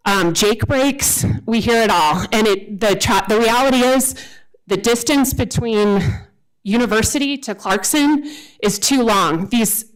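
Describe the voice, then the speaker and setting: A woman in her forties giving unprepared public comment at a city council meeting, earnest and halting, with many restarts. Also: medium pitch, poor audio. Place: council chamber, speaking at a podium.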